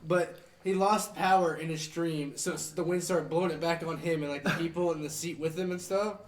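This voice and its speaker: A man's voice: fairly high pitch, fairly even intonation, brisk. Laid-back young man spinning a yarn. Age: young adult. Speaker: podcast co-host. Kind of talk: casual chat. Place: outdoors.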